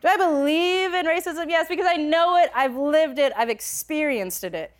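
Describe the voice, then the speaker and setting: A woman's voice: high-pitched, moderate pace, hardly any pauses. A young adult woman telling a personal story in a conversational way, full of filler words, growing passionate as she speaks. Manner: conversational, many filler likes, grows passionate.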